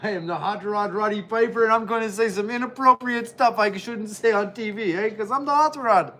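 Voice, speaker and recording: A man's voice: high-pitched, a little fast, bright, forceful tone, voice pushed up. A man doing a cocky, bragging wrestler. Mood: gloating. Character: impression of a boastful brash male wrestler.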